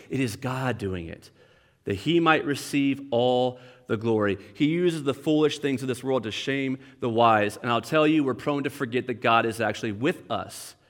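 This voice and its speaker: A young man preaching a sermon from the pulpit, with conversational, animated asides. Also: on the high side. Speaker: pastor. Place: church sanctuary. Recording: long reverb of a church hall.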